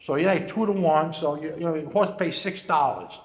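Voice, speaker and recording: A man telling stories in casual chat, animated, acting out the voices of the people in his stories. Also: fairly high pitch, moderate pace. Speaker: storyteller. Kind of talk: casual storytelling. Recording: echoey room with long reverb.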